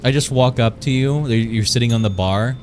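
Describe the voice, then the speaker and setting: A man's voice: mid-range voice, moderate pace, a little mellow, slight background noise. A man streaming live, chatting playfully with his viewers and rambling while he draws. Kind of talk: casual live-stream chat while drawing.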